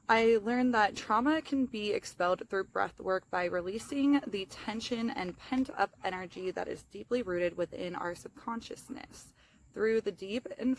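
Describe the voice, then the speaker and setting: A young woman with a lisp and a medium-pitched voice chats casually and apologetically outdoors for her self-help vlog, using lots of fillers. A little hiss or hum is audible.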